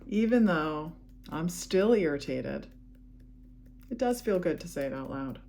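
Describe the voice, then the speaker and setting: A woman leading a guided EFT tapping session, speaking calm, repetitive affirmations. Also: deep voice, unhurried, slight background noise.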